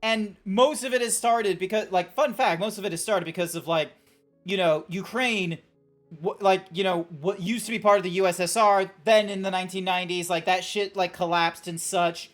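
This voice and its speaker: An Australian woman talks to her live-stream chat in loose, rambling bursts and swears freely as she reacts to what viewers type. Her voice sits in a middling pitch range for a woman. Quiet music plays faintly in the background. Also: normal speed. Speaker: Twitch streamer.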